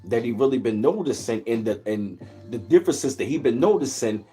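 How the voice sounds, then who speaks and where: A man's voice: medium pitch, lively intonation, fairly quick, dark tone, faint music behind. Laid-back man rambling on a livestream. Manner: rambling, laid-back storytelling, greets viewers in between. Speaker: livestream host. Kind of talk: casual livestream chat. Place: at home, where he lives in Maryland.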